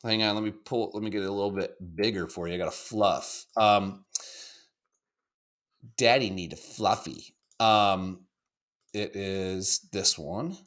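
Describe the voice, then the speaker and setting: A man co-hosting a podcast, chatting casually about videos in a profane, excitable, rambling way. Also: on the low side, moderate pace. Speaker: podcast co-host. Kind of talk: casual chat reacting to videos.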